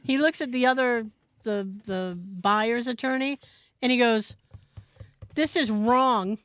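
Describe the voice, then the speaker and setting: With a voice on the high side and a clean tone, a woman speaks a little slowly as she co-hosts a podcast. She tells a story in casual chat, animatedly acting out what others said, and there's no echo.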